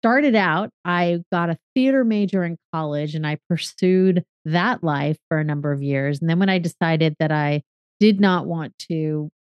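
A woman's voice: low voice, normal speed, clear, resonant tone, no echo, highs cut off. A woman in her fifties from California, a podcaster and consultant answering interview questions in a reflective, explanatory way with some fillers. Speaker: podcaster and strategic consultant, guest.

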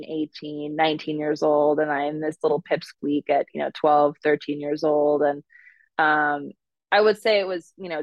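Low-voiced Minnesota woman, chatty guest. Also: dry recording, lo-fi sound. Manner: rambling with frequent fillers and restarts. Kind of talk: conversational interview.

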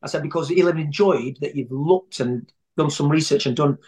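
Speaking at a moderate pace in a slightly high, somewhat mellow voice, this male interview guest rambles through long anecdotes conversationally, often restarting his sentences.

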